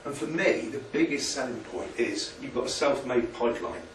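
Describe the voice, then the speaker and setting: A man's voice: mid-range voice, sing-song, moderate pace, a little hiss or hum. Chatty man presenting in an echoey room. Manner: chatty, self-deprecating, motivational. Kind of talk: informal business presentation. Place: meeting room with an audience. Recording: echoey room, picked up from a distance.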